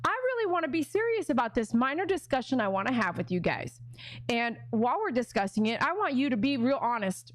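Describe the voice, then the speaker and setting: A woman's voice: fairly high pitch, no room sound. Chatty woman groomer, dry close sound. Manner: rambling, chatty, given to asides. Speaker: dog groomer and channel host. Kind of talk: casual livestream chat.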